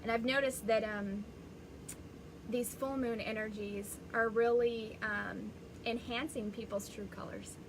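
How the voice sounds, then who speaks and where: A woman's voice: a little high, steady tone, a little slow, noisy background. A woman hosting a live-streamed spiritual reading as a psychic medium, talking in a rambling, chatty way and often restarting.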